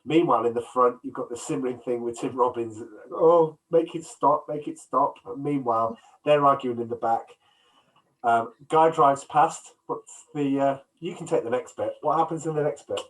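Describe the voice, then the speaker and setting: A man co-hosts a film podcast over a video call, speaking at a normal speed in a steady, mid-range voice. He casually retells scenes and acts out the quotes. He's using a headset and sits distant from the mic.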